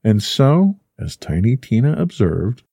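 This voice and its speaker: A man narrating a classic story with measured, expressive delivery. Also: mid-range voice, vocal fry, husky, no echo, clean studio sound.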